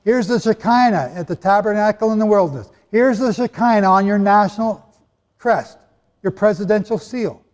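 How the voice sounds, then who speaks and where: A man with a high, slightly mellow voice speaks at a moderate pace, preaching a sermon-style lesson to a live audience. Emphatic and conversational, he quizzes the people in the large hall, where the recording picks up a long reverb.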